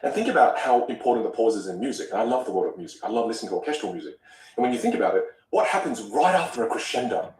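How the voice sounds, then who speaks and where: A man talking as a vocal coach in a podcast conversation, animated and acting out example voices. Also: medium pitch, rapid-fire, echoey room, recorded from a distance, low-quality recording.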